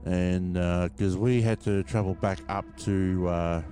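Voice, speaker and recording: Low, mellow-voiced Australian man rambling. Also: steady tone, a little slow, faint music behind. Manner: rambling, swears freely, many fillers. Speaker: podcast host. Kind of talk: casual storytelling.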